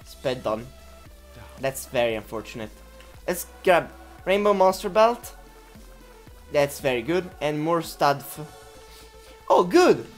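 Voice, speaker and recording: A young woman commentating her own video game run, laughing often, swearing and reacting loudly. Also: deep voice, animated, takes it slowly, pauses often, soft background music. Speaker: gameplay commentator. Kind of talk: let's play commentary.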